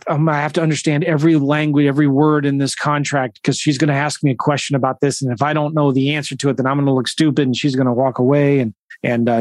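Animated man telling a story. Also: fairly high pitch, dry recording, clean studio sound. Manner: animated, nervous-sounding retelling with restarts and quoted dialogue. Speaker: real estate investor. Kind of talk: casual storytelling.

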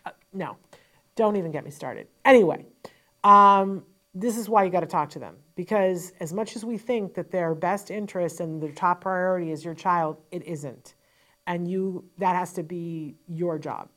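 Woman host, slightly low voice, fast and emphatic, blunt asides, studio mic. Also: a bit bright. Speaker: host and parent advocate. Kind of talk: advice monologue to parents. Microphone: studio microphone.

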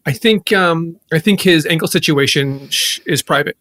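A man improvising in a comedy show, cutting in with quick jokey remarks. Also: on the high side, pushed and bright, no echo, studio quality.

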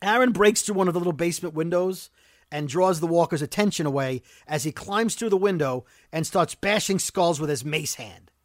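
A man hosting a casual chat that recaps a TV episode, talking fast and ranting about plot holes. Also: a little high, no echo, clean studio sound. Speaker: podcast host recapping a TV episode.

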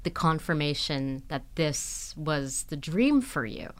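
Expressive woman host asking questions. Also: low voice, slow pace. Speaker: podcast host. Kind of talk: casual interview.

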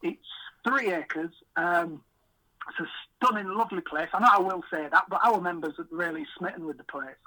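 A man's voice: high-pitched, normal speed, sharp tone, rough recording. A man from England, a podcast guest and fishery owner, telling rambling self-deprecating stories in a casual chat. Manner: chatty, self-deprecating, rambling anecdotes with quoted dialogue. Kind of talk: casual storytelling.

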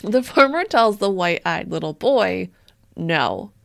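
A woman co-hosting a podcast, retelling creepy folklore in a wry, deadpan way with casual swearing. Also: on the low side, moderate pace. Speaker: podcast co-host.

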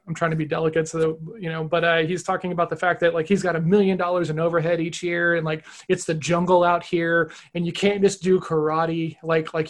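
A man on a podcast casually telling a story and acting out both sides of a conversation. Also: a little high. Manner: animated, acts out quoted dialogue.

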